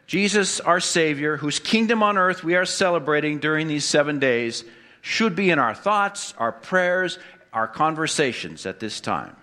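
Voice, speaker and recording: Bright-voiced male preacher giving a sermon. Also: fairly high pitch. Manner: asks the congregation questions, wry jokes. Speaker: pastor.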